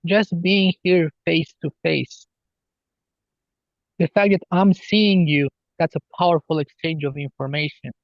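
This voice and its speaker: A man talking as a healer guest on a podcast, slow and earnest as he explains spiritual ideas. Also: fairly high pitch, fairly even intonation, vocal fry, no room sound, lo-fi sound. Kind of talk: podcast interview.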